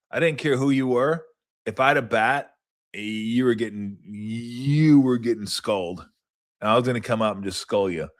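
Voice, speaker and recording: Rambling, foul-mouthed sports show host. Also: male voice, on the low side, fairly bright tone. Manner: rambling and profane, wanders off on tangents. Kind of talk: casual chat.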